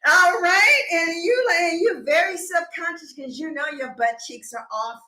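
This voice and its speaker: Lively, high-voiced woman reading tarot. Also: measured pace, echoey room. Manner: animated and joking, laughs often, slips into comic voices. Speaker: tarot reader. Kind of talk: casual tarot reading to camera.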